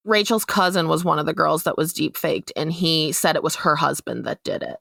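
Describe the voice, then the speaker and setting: A young woman giving an earnest, measured personal account on a podcast, growing urgent at times. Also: sits low, vocal fry, fairly bright tone, dry recording, studio quality. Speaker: interviewee recounting her experience.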